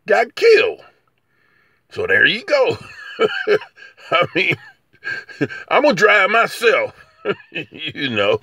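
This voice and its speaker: A man's voice: sits high, pushed and bright, no room sound, studio quality. A man giving a casual, rambling monologue to camera, folksy and chuckling, often stammering and repeating words. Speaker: vlogger.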